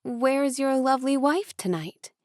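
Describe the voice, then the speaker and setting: A woman's voice: sits high, unhurried, darkish tone, dry recording, studio quality, voice pushed up. A woman playing a sarcastic eighteen-year-old girl. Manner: sarcastic and curt.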